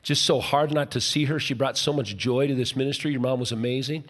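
Preaching man in a reverberant hall. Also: a little fast. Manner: jokey, conversational preaching with sudden drops to a soft, low voice. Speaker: pastor. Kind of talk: sermon.

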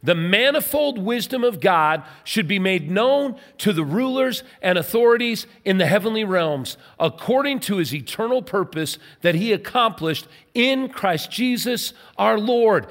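Man, pastor, higher pitched voice, emphatic sermon delivery, phrases trailing off softly, long church reverb. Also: lively intonation, a little slow, few pauses. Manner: emphatic preaching, rhetorical questions, voice dropping soft at phrase ends.

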